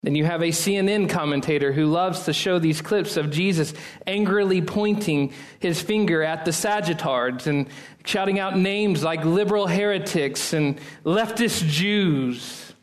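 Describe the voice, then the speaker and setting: A male pastor preaches a sermon in church, beginning with prayer. He speaks earnestly, builds to emphatic peaks, and lets his phrase endings drop low and slow.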